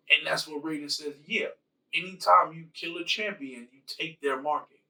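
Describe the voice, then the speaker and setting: A man casually retelling a film's plot in his own words, halting with fillers and restarts as he quotes the characters. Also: a little high, steady tone, gravelly, sharp tone, far from the mic, rough recording. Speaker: host retelling a film plot. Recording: voice from away from the mic.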